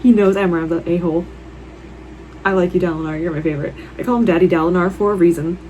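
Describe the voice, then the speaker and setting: A woman vlogging her reactions while reading, gushing and excitable. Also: on the low side, fast, a little hiss or hum. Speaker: book vlogger. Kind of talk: casual reading vlog reactions. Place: at home in a warm room.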